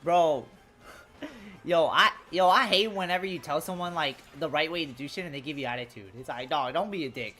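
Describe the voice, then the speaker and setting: A woman's voice: low-pitched, fairly quick, fairly bright tone, faint music behind. A young woman streaming a game live, chatting loosely with viewers, cursing often and calling everyone bro. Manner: loose, profane and jokey, addressing chat as bro. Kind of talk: casual live-stream chat.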